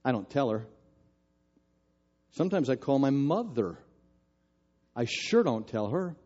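An older man preaching a sermon, telling a story in a lively, self-mocking way. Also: mid-range voice, measured pace, muffled recording.

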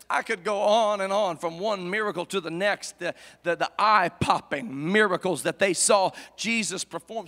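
A very high-pitched man preaches an impassioned sermon. He moves from quiet, hushed storytelling to full-throated shouts. His bright, forceful voice rings out with the long reverb of a large hall.

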